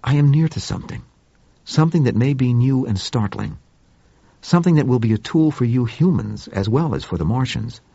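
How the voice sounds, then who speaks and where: A man voicing a gentle, furry male Martian with a soft, sibilant, formal way of speaking, in an audiobook reading. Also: medium pitch, lively intonation, creaky, breathy edge, no room sound, highs cut off. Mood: earnest. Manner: measured, formal speech.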